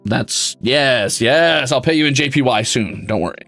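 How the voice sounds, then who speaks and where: Brash gravelly male streamer. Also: medium pitch, normal speed, fairly bright tone, faint music behind. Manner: brash, sarcastic, swearing, mock-grumpy. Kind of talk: casual chat reading donations.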